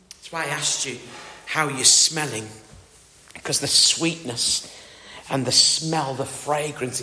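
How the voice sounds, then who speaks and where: A middle-aged man from northern England, with a northern English accent, preaches a sermon in a chatty, self-deprecating style, often putting questions to the congregation. His mid-range voice sounds pushed and bright. The echoey hall adds a long reverb.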